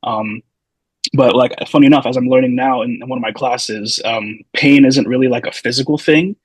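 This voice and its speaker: A man's voice: medium pitch, steady tone, normal speed, husky, dry recording, poor audio. A man in his thirties, a physical therapy student and podcast guest, telling stories in a loose, meandering, casual way. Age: 30s. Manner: loose, meandering, full of hedging asides. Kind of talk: casual storytelling.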